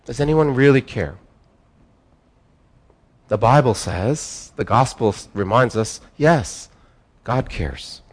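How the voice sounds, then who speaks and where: A man's voice: medium pitch, lively intonation, slightly rough. Man preaching with sweeping emphasis. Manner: emphatic preaching, rising and falling with pauses; repeats words and restarts phrases. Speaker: pastor. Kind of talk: sermon.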